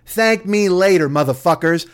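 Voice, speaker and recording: A man's voice: lively intonation, moderate pace, clean tone. A man doing a brash, boastful older president. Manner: swaggering, salesman pitch.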